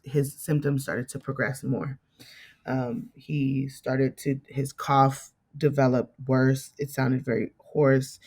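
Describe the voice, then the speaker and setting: A woman's voice: a bass voice, husky. A young adult woman, a podcast guest, telling her own story and acting out the conversations she retells. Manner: animated retelling that acts out quoted dialogue. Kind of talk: personal storytelling in a podcast interview.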